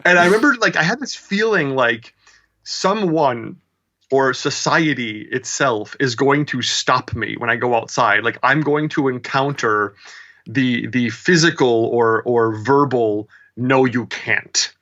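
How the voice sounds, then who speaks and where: A man's voice: medium pitch, unhurried, dull audio. A man in his forties with a Midwestern accent, telling stories as an interview guest in a chatty, self-mocking way. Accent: Midwestern American. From American Midwest. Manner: chatty, animated, self-mocking with many fillers. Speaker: interview guest, drag performer. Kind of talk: casual storytelling interview.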